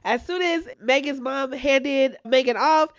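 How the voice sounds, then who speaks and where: A woman co-hosting a casual chat that recaps a reality show, animated and chatty, reading out notes she wrote down. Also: high voice, unhurried, no echo, dull audio. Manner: animated, chatty, reads out her own notes. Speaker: podcast co-host.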